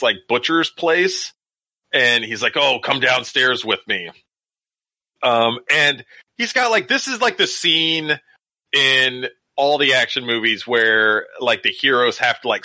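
A man recapping a movie in casual podcast chat, rambling with lots of fillers and quick acted-out quotes. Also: medium pitch, bright, forceful tone, no room sound. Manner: rambling, many fillers, acts out characters in quick voices. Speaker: podcast co-host.

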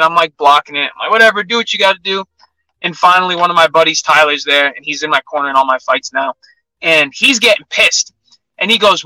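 A young man tells a gym story in a high, very bright voice. He acts out what each person said as he goes. The sound is dry and close to the mic. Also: no room sound, rough recording. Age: young adult. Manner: animated anecdote-telling, acts out quotes. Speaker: MMA fighter, guest. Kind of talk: casual storytelling in an interview.

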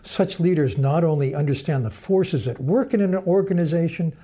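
A man giving a measured, explanatory lecture that mixes teaching with storytelling. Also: a little high, dark tone, husky.

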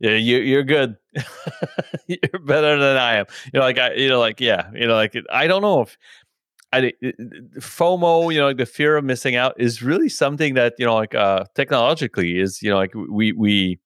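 A man's voice: mid-range voice, normal speed, fairly bright tone, dry recording. A man hosting a podcast in casual conversation, rambling with constant filler words and swearing freely. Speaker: podcast host.

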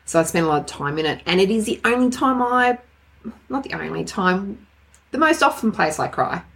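A woman's voice: mid-range voice, moderate pace, creaky. A middle-aged Australian woman co-hosting a casual podcast chat, telling candid stories and acting out the dialogue in them. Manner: candid storytelling with animated quoted dialogue. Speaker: podcast co-host.

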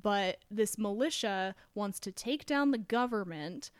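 A woman's voice: medium pitch, expressive, unhurried, clean tone, no room sound. A young woman co-hosting a podcast, casually retelling a TV episode with frequent laughter and offhand swearing. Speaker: podcast co-host.

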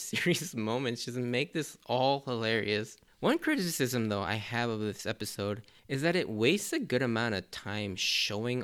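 A man's voice: medium pitch, fairly bright tone, smooth. A man reviewing an anime episode, recapping scenes with enthusiasm and laughing often.

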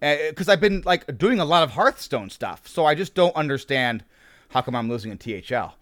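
A man's voice: fairly high pitch, very animated, a little fast, a bit bright, no echo, studio quality. A man hosting a podcast in casual chat, upbeat and rambling, with lots of fillers and restarts. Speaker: podcast host.

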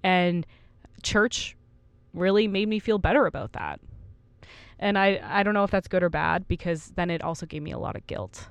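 A woman's voice: lowish voice, moderate pace, clean tone, no room sound. A woman in her twenties co-hosting a casual podcast, reading study findings aloud and laughing at her own slips. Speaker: podcast co-host.

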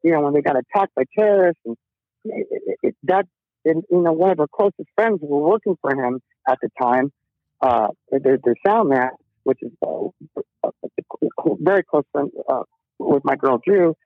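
A man's voice: a little high, moderate pace, no echo. A male musician telling a rambling, heartfelt story in an interview, with many restarts. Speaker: musician guest. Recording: tinny phone line.

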